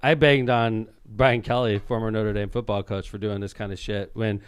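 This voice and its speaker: A man's voice: on the low side, level tone, moderate pace, clean tone, no room sound. A middle-aged man with a Midwestern accent hosting a podcast, talking bluntly and joking about politics. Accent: Midwestern American. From Northwest Indiana. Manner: blunt, jokey, mimics accents. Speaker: podcast host. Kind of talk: casual podcast chat.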